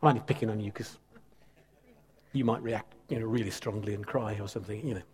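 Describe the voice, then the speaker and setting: A man's voice: fairly low pitch, steady tone, fast, a little mellow. A man preaching a sermon in a conversational, teasing, emphatic way. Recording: reverberant hall.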